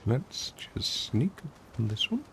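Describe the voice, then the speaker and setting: Playful man giving lively game commentary. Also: mid-range voice, a little slow, gravelly, slight background noise. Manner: playful, self-mocking, chatty, with laughs. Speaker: streamer playing a video game. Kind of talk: casual gameplay commentary.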